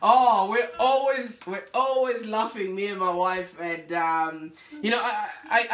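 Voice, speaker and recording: In an echoey room, a high-pitched man who hosts a podcast laughs frequently as he gives an animated retelling during a casual video call conversation. English is not his first language.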